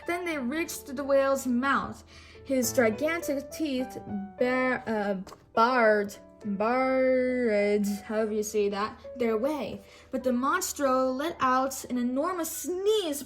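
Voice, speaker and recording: Woman reading a storybook aloud, high voice, sore throat, trips over words. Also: slow pace, faint music behind, poor audio. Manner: stumbles and rereads words. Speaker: storybook reader. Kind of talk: reading a picture book aloud.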